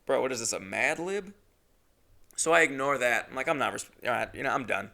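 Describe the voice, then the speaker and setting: A young adult man hosts his podcast and tells a comic story on his own, his voice bright and edged with gravel. He rants indignantly and jumps into squeaky mock voices to quote people, his pitch swinging widely all the time. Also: a little fast. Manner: animated, indignant, mimics voices in exaggerated high pitch. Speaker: podcast host. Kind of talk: solo comedic storytelling.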